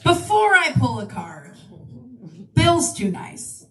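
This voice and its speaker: Woman, stand-up comic, giggly, lively pitch, roomy distant club sound. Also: slow, background noise. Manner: giggly, animated, self-deprecating. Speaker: comedian. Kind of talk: improvised stand-up. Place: comedy club stage. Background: audience laughter.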